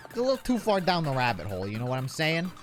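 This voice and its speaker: A man's voice: fairly high pitch, very fast, music in the background. A man doing let's play commentary, reading game text aloud with put-on voices between casual remarks. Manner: animated, reads game lines with put-on voices. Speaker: gaming YouTuber.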